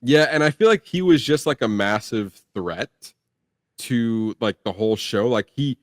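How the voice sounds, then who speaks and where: A man's voice: medium pitch, lively intonation, unhurried, dry recording. Dry-sounding rambling podcast host man. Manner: rambling, lots of "like" and restarts. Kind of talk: casual film review chat.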